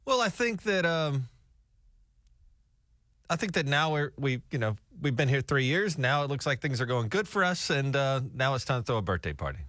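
A man's voice: mid-range voice, very animated, moderate pace, a bit bright, no room sound, studio quality. A man co-hosting a morning radio show, upbeat and plugging the station in casual banter. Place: radio studio.

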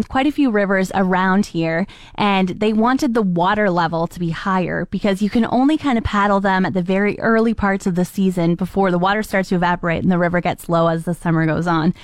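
A woman radio host telling everyday stories in a casual, animated monologue, acting out the quoted exchanges. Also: medium pitch, a little fast, no echo, clean studio sound. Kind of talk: chatty monologue with listener call-outs.

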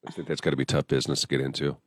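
A man's voice: extremely low pitch, level tone, rapid-fire, no room sound, clean studio sound. A man hosting a radio morning show, bantering casually and leading segments with sing-song intros.

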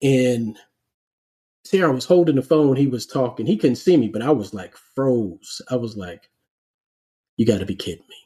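A man's voice: medium pitch, animated, moderate pace, mellow, slightly rough. A man hosting an interview podcast, a former police chief who tells stories with animation and acts out the dialogue. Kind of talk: conversational interview storytelling.

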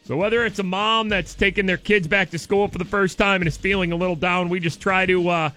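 A man hosting a morning radio show in casual banter, excitable and prone to loud shouted play-by-play. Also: high-pitched, fairly quick, soft background music.

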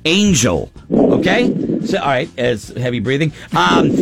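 Male morning radio host, animated, slightly gravelly, music bed under him, jokey game-show pace. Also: a little high, heavy background noise. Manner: quick, joking, laughing game host.

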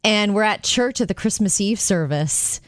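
A woman's voice: medium pitch, moderate pace, dry recording, studio quality. Chatty woman radio co-host. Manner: animated storyteller, laughs often. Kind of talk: casual radio chat.

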